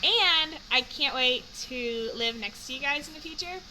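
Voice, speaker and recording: A young woman talking quickly and bubbly to a close friend. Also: sits high, background noise.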